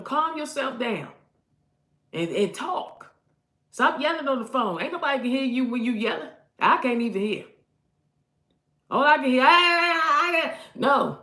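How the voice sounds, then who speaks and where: A woman preaching prophetic advice in an emphatic way, repeating her points and growing loud when she exhorts. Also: a little high, roomy sound. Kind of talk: impassioned street-style preaching.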